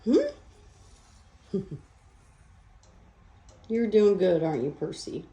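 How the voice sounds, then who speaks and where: At home during a power outage, near the bird cages, a parrot-owner vlogger coos to her pet parrots in a sing-song baby-talk voice as she casually checks on them. Her voice is fairly low, husky, and warm, slow with lively intonation. The recording is muffled, with no room sound.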